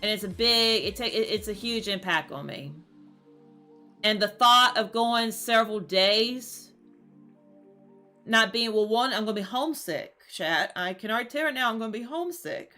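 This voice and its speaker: A woman talks straight to her viewers in a bright, fairly high voice, rambling and stumbling over repeated words. She sounds upset and close to tears throughout, and soft music plays faintly behind her. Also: moderate pace. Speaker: streamer. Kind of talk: casual talk to camera.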